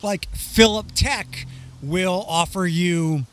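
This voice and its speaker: A man's voice: high-pitched, takes it slowly, a little hiss or hum. A young man co-hosting a casual podcast chat, rambling and restarting as he talks. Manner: rambling, animated, restarts often. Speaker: podcast co-host.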